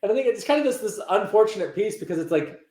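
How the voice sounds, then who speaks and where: A man talks quickly and animatedly, slipping into quick acted-out bits of dialogue and stumbling over restarts. His fairly high voice rings in a noticeably echoey room. It sounds like a relaxed interview chat. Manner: animated, acts out quoted dialogue, many restarts. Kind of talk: casual interview talk. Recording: roomy echo.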